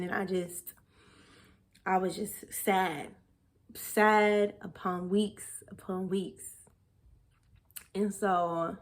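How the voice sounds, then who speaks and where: A young woman tells a hard personal story straight to the camera. She talks candidly and with feeling, slipping into other people's voices as she quotes them. Her voice sits at an ordinary middle pitch. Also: a bit bright. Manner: candid and emotional, quoting others with shifts in voice. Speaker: vlogger.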